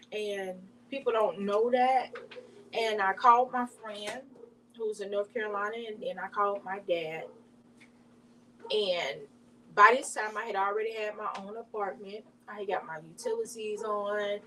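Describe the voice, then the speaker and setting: A woman from Alabama, giving an emotional, halting personal testimony as an interview guest. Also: mid-range voice, fairly bright tone. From Alabama, US South. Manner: emotional, halting retelling with many restarts. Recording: distant mic with faint hum.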